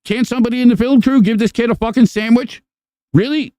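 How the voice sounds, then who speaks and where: Picture a furious, incredulous comic yelling in a high, strained voice, as a man puts on the impression. The rant is profane and exasperated, with a smooth, mellow tone under the shouting. It sounds dry and close, with no room around it. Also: quick pace, no echo. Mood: outraged. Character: ranting male stand-up comic, furious and incredulous.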